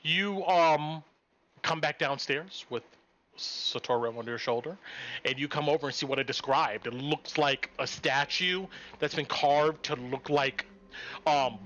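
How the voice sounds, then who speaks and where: A man narrating a tabletop game as game master, describing scenes in a measured way with frequent fillers. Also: fairly high pitch, sharp tone, lo-fi sound.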